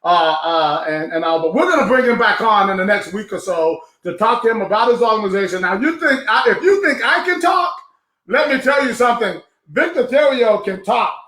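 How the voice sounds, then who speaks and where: Man, live show host, effusive and emotional, high voice, roomy echo. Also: expressive, a little fast. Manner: effusive, emotional, loud exclamations.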